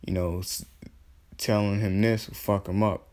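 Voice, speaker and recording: Guy reading out a secretive teen ninja girl, earnest, slangy, in his own low voice. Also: little pitch movement, unhurried, a little mellow, lightly acted.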